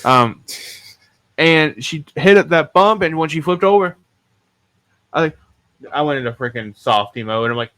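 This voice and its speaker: Bright-voiced rambling podcast host man. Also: a little high, expressive, moderate pace, long pauses. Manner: rambling, self-mocking, swears freely. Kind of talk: casual podcast storytelling.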